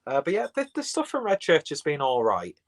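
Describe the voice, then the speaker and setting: A man's voice: fairly high pitch, huge pitch swings, fairly quick, poor audio. A man chatting casually on a live beer stream, rambling and reading out viewer comments from his phone.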